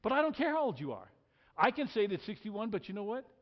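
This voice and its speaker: A man's voice: high voice, sing-song, fast, long reverb tail, highs cut off. A man in his sixties preaching an emphatic sermon as a pastor, leading the congregation in call-and-response. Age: 60s. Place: church sanctuary.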